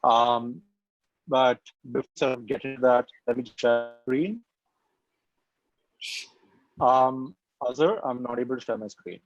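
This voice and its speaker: A man with an Indian English accent giving a webinar talk over a video call, soft-spoken and often pausing with "um". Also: mid-range voice, no echo. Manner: soft-spoken, frequent ums. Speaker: guest speaker. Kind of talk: webinar presentation. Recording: dull, dry video call audio.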